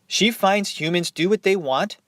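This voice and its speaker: A young man hosting a podcast, retelling and reacting to a film in a casual, animated way, swearing and laughing as he goes. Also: sits high, normal speed, no echo, clean studio sound. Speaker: podcast host.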